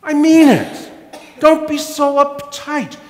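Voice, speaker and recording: A man mimicking his scolding wife, high-pitched. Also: expressive, slow pace, exaggerated voice. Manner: insistent, scolding. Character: exasperated middle-aged wife, brisk and scolding. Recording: echoey church hall.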